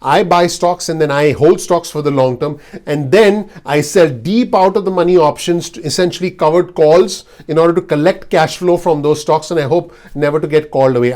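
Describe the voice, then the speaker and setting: A man's voice: on the high side, darkish tone. A man giving blunt, earnest investing advice straight to his video audience. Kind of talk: direct-to-camera advice talk.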